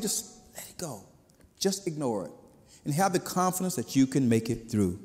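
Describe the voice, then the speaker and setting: Speaking with a darkish tone, a male pastor preaches in a relaxed, conversational way, his voice a bit high and resonating with the church's long reverb. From time to time he imitates the people he's quoting.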